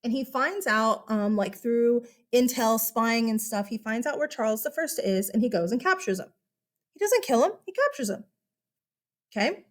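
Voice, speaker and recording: A woman's voice: on the high side, animated, moderate pace. Chatty woman teaching history. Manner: chatty, rhetorical questions, addresses listeners as guys. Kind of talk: casual classroom lecture.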